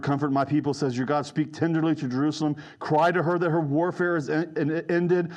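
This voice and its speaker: Earnest male preacher, slightly high voice. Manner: earnest, emphatic teaching with asides to the congregation. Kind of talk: sermon.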